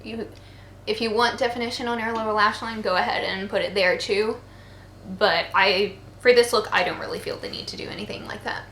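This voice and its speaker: Here the tutorial narration comes brisk and steady, in a mid-range voice that's bright and forceful. She's a young woman in her twenties, short on sleep, keeping things playful and chatty with joking asides. Faint outdoor voices and low noise sit behind an echoey room sound.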